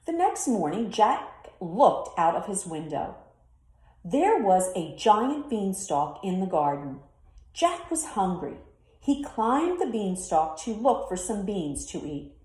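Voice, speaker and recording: A woman's voice: medium pitch, very animated, slow pace, darkish tone. A woman teacher reading a children's storybook aloud expressively, then talking to her pupils. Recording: roomy echo.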